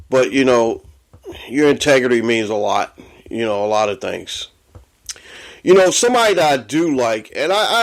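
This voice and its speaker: A man hosting a sports podcast, ranting angrily and swearing a lot as he gets worked up. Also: medium pitch. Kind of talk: profane sports rant.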